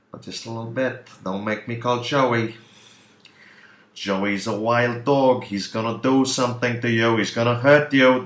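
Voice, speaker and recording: A man's voice: lowish voice, fairly bright tone. Man doing a menacing old movie gangster; needling, repetitive threats, echoey room. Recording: roomy echo.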